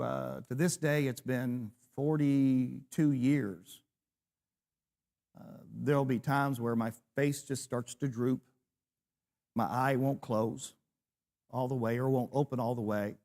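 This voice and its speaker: A man's voice: medium pitch, creaky, a little mellow. A man in his sixties, a preacher, teaching a church class, telling a personal story with self-deprecating humor.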